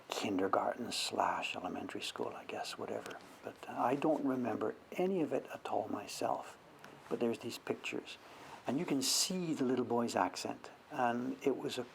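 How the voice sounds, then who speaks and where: Gravelly older man chatting while he carves. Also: mid-range voice, a little hiss or hum. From Canada. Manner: rambling, chatty, talks while he works. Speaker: woodblock printmaker streaming live. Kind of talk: casual livestream chat while carving.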